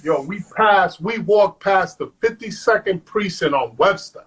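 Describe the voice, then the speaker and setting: A man, a guest on an interview show, telling stories in an animated way, acting out quotes and saying "man" all the time. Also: high voice, measured pace, husky, poor audio. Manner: animated, acts out quotes, says "man" constantly. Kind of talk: storytelling.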